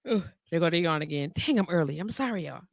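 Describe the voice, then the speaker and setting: Her voice sits lowish and creaky, and she talks fast on an echo-free recording. A 40-something woman hosting a laid-back internet radio call-in show, she's frank and lively, often laughing as she reads comments aloud.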